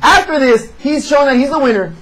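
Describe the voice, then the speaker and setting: A man reviewing a wrestling show in casual chat, sarcastic and animated as he recaps. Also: very high voice, brisk, rough recording.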